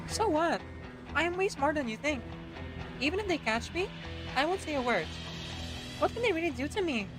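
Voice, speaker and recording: Defiant street kid, voiced by a woman; high, stubborn. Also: sing-song, a little fast, music in the background. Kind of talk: fan voice acting of a game scene.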